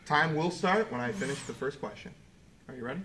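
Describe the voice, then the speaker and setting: A man's voice: medium pitch, expressive, fairly bright tone, slight background noise. A man hosting a fan-made game show, reading questions and answers in a playful, hammy way. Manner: playful and hammy, quick rundown of rules.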